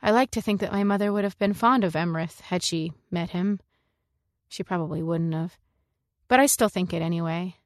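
A woman's voice: lowish voice, normal speed, no echo. Woman reading a story, dry sound. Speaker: story narrator. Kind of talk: scripted narration.

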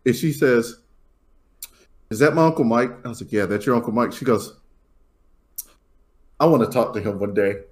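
A man's voice: mid-range voice, normal speed, long pauses, a little mellow. A young adult man co-hosting a podcast, laughing often as he tells a story and acts out his daughter's lines. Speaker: podcast co-host. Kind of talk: casual chat, storytelling.

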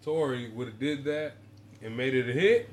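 A man's voice: mid-range voice, normal speed, noisy background. A man co-hosting a podcast, chiming in with laid-back remarks. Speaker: podcast co-host. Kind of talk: casual chat.

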